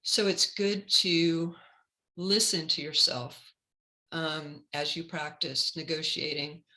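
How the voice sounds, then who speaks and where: A woman career counselor giving a webinar talk in a measured, instructive way. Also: low voice, steady tone, sharp tone, poor audio.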